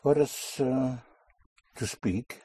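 A man's voice: mid-range voice, extremely slow, dark tone, breathy edge, dry recording, clean studio sound. A man teaching a language lesson, patiently repeating and correcting a student's answers. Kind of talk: guiding a student through spoken drills.

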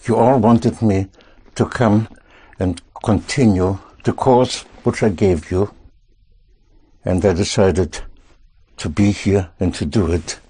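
A man teaching a language lesson to students, speaking slowly and patiently, prompting and correcting them. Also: low-pitched, mellow, slightly rough. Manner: slow, patient, reassuring, repeats and corrects.

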